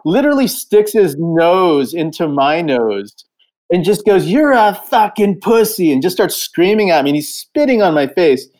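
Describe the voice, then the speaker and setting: A man's voice: fairly high pitch, animated, moderate pace, a little mellow. A middle-aged man, a touring musician, casually telling a profane road story and acting out the quotes. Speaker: guest musician.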